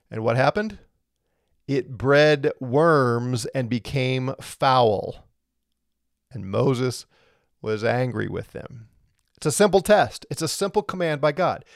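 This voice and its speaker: Male Bible teacher, rhetorical questions, slight cough, mid-pitched, dry close sound. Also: vocal fry, no echo. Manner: explains step by step, asks rhetorical questions. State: has a lingering cough.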